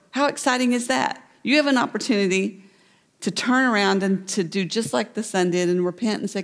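A woman's voice: mid-range voice, brisk. Woman preaching a sermon in a reverberant church. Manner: storytelling, voicing the characters in the parable. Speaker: pastor. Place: church sanctuary.

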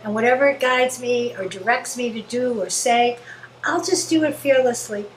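Woman, fairly high voice, earnest spiritual sharing, faint hiss behind. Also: moderate pace, roomy sound, low-quality recording. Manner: earnest, gentle, quotes herself in dialogue. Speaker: spiritual group member sharing.

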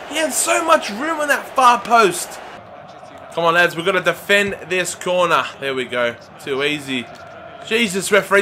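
A young man with a high, bright, tense voice commentates on a football video game at home. He is excitable, shouts at his players, and drops into grumbling in between. Faint hiss sits under the voice. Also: moderate pace. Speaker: gaming YouTuber.

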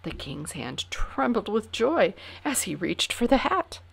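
A woman reading a children's storybook aloud in an expressive way, dropping to whispers for suspense. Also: mid-range voice, a little slow, creaky, breathy edge. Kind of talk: reading a picture book aloud.

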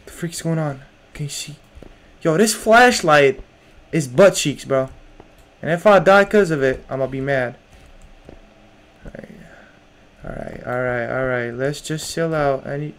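A man's voice: mid-range voice, lively intonation, unhurried, long pauses. A young man playing a horror game, jumpy and nervous, talking to himself in casual slang. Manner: casual slang, lots of "bro". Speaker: gamer. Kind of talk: horror game let's play.

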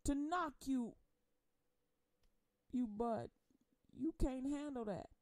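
A woman's voice: sits high, takes it slowly, long pauses, a little mellow, no echo, studio quality. A woman performing spoken word poetry in a rhythmic, preaching delivery, speaking in the first person as Jesus with slangy, teasing confrontation.

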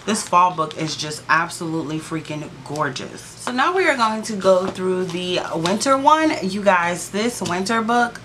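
A woman's voice: mid-range voice, bright, forceful tone, slight background noise. A woman vlogging a casual sticker book flip-through, chatty and gushing, with sassy playful asides to her viewers.

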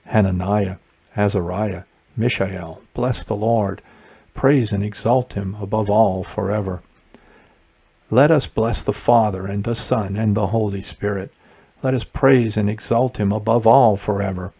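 Guy reciting morning prayer, dark mellow voice, bit husky, slow and measured. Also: fairly low pitch. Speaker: prayer leader.

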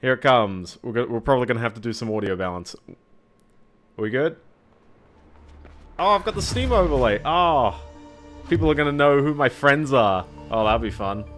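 A man's voice: medium pitch, big pitch swings, normal speed, pauses often, fairly bright tone, faint music behind. A man streaming a game, giving rambling, chatty commentary full of fillers and small laughs. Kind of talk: casual gameplay commentary. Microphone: desk microphone.

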